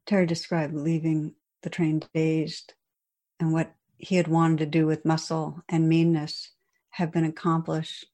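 A woman with a low, mellow voice leads a dharma talk. She tells a teaching story gently and reflectively, with soft pauses between her phrases. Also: level tone. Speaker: meditation teacher.

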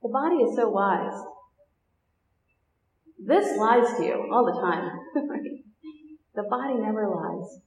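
A woman meditation teacher giving a dharma talk to a group, gentle, unhurried and reflective. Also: mid-range voice, expressive. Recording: echoey hall, dull lo-fi sound.

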